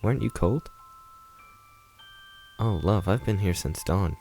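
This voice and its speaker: A man reading a visual novel aloud, voicing a polite, timid young woman who speaks in a soft, hesitant way. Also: on the low side, takes it slowly, vocal fry, faint music behind. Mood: grateful.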